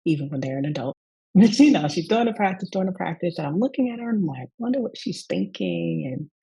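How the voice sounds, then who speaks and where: Southern US woman, rest coach; husky, gravelly voice; reflective storyteller in an interview. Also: fairly low pitch, expressive, a little fast, low-quality recording. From Southern United States. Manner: warm, reflective storytelling with acted quotes. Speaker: rest coach and yoga teacher.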